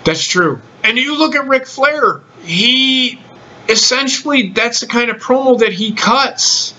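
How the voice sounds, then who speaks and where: A man's voice: very high voice, unhurried, bright, forceful tone, highs cut off. Man hosting a casual wrestling chat. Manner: blunt, swears freely. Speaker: podcast host.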